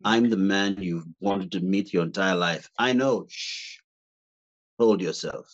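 A smooth seductive pitchman purrs slow lines in a deep, breathy croon, as a man acts him out. The recording is dull and lo-fi.

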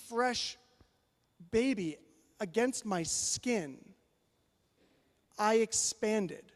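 A man with a high voice preaches to a congregation. He tells stories in an animated, playful way. His voice rings with a long reverb in a large church. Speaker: pastor. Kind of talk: storytelling sermon.

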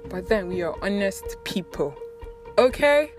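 A young Nigerian-accented woman talks casually to her viewers, telling stories in an animated way. She laughs a lot and often repeats words. Background music plays clearly underneath her voice. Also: mid-range voice, a little slow. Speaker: vlogger. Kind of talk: casual chatty storytelling.

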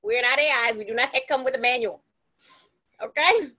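A woman's voice: a little high, moderate pace. A woman co-hosting a podcast in casual chat, blunt and emphatic, laughing often. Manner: animated storytelling, acts out quotes in exaggerated voices. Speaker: podcast co-host.

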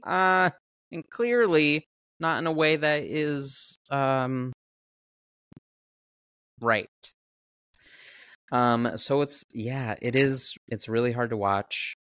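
A man's voice: mid-range voice, takes it slowly, long pauses, a bit bright, clear, resonant tone, dry recording, clean studio sound. A man co-hosting a podcast, reviewing a movie in a laid-back, blunt way and swearing freely. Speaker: podcast co-host. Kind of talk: casual movie review chat.

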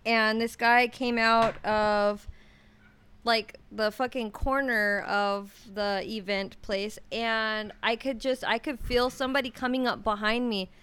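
A woman's voice: a little high, fairly even intonation, slow pace, fairly bright tone, clean tone. A young woman chatting casually, telling a story bluntly and swearing a lot. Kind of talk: casual chat.

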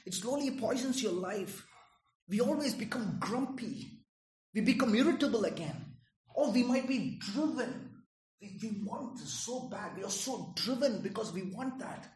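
A man's voice: sits high, animated, moderate pace, a little mellow. A man preaching a sermon in a conversational way, often checking in with "Right?" and "Okay?". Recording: echoey room.

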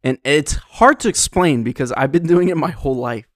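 A young man co-hosting a podcast in a relaxed, rambling chat. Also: fairly high pitch, moderate pace, no echo, studio quality. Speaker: podcast co-host. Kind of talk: casual chat.

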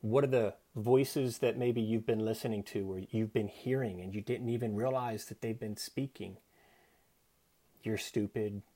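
A man's voice: on the low side, moderate pace, hardly any pauses, mellow. Earnest man giving a devotional talk. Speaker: Christian speaker.

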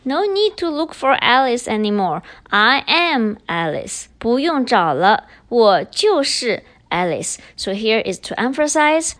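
A woman hosting a language-learning podcast, with a fairly high voice that rises and falls a lot. She explains grammar patterns patiently and repeats each example sentence clearly. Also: sing-song, a little slow, hardly any pauses, fairly bright tone. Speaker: podcast host and Chinese teacher. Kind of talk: bilingual language lesson.

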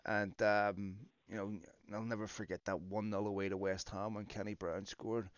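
A man's voice: on the low side, level tone, normal speed, smooth, no room sound. A man hosting a casual football chat, building his points in long runs. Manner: talks in long arguing runs. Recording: dull lo-fi dry sound.

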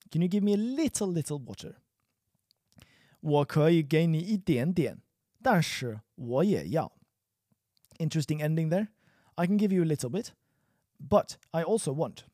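A man teaching a language lesson, repeating each example sentence slowly and then translating it, with wry self-correcting asides. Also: medium pitch, darkish tone, dry recording, studio quality.

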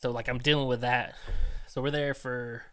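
A young man tells a story as a podcast guest, relaxed and talkative. His voice sits at an ordinary middle pitch. He leans on filler words as he goes. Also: moderate pace, clear, resonant tone. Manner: chatty, many fillers like "like" and "man". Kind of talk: casual storytelling.

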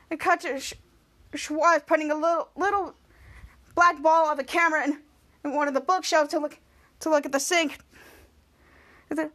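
Woman podcast host, high voice, halting scene-by-scene TV recap. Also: fairly even intonation, fairly bright tone. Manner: halting, repeating words as she retells scenes. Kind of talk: casual TV episode recap.

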